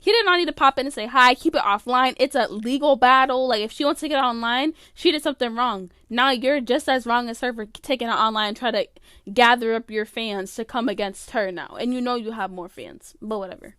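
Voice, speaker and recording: Chatty high-voiced woman podcaster. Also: a little fast, sharp tone, clean tone, no room sound, clean studio sound. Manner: chatty, opinionated, many "like" fillers. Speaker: podcast host. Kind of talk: casual solo commentary.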